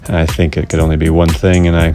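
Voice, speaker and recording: A man narrates his vlog in a casual, rehearsed style, cracking wry jokes at his own expense. His voice sits low. Soft music plays faintly behind him. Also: completely flat delivery, fast talker. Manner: wry, self-mocking humor. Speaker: vlog host.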